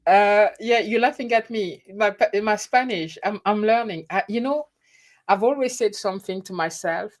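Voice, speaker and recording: A woman's voice: mid-range voice, moderate pace. A middle-aged woman, chatting casually and laughing at herself on her live stream. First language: French. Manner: chatty, laughing, self-deprecating. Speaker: YouTube host.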